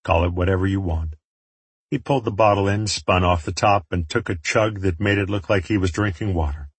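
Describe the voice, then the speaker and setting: A man's voice: lowish voice, fairly quick, breathy edge, no room sound. A man narrating an audiobook in the first person, with a wry, reflective storytelling manner.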